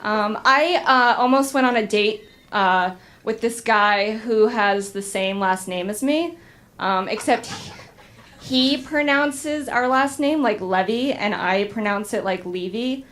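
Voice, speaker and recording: Young woman doing standup, kinda deadpan, lots of ums, a bit high voiced, faint hiss. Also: takes it slowly. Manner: deadpan, hesitant delivery full of ums. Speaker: stand-up comedian. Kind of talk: stand-up set. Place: comedy club stage with audience.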